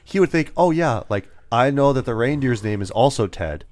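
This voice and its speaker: A man's voice: medium pitch, expressive, moderate pace, a little mellow. A young man co-hosting a casual movie review podcast, rambling through scenes and acting out lines in little voices. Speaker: podcast co-host.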